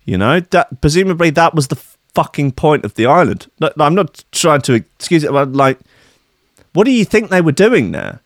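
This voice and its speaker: Male podcast host, sweary and sardonic, with lively pitch swings and a dry sound. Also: normal speed, dry recording. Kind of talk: comic rant about the news.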